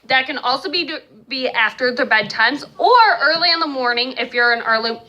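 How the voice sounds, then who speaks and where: A woman's voice: high-pitched, fairly quick, pushed and bright. A young woman, a stay-at-home mother of five, giving casual advice to camera in an earnest, emphatic way, repeating her points for stress.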